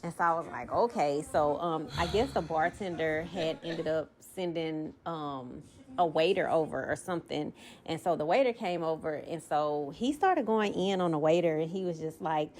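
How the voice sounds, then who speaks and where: A woman's voice: deep voice, normal speed, a little mellow. A young woman, a podcast co-host telling a long story in a rambling way, full of ums and you-knows. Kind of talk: casual storytelling.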